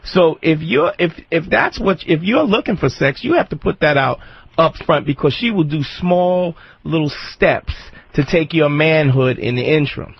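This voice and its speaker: A man co-hosting a casual advice chat, speaking in a calm, measured way. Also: on the high side, creaky, breathy edge, dry recording. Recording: dull lo-fi dry recording.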